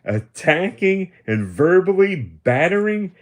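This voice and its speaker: A man's voice: high-pitched, very animated, slow. A man in his seventies ranting on a livestream, taunting and accusing, repeating himself as he goes. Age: 70s. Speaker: livestream host. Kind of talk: confrontational livestream rant.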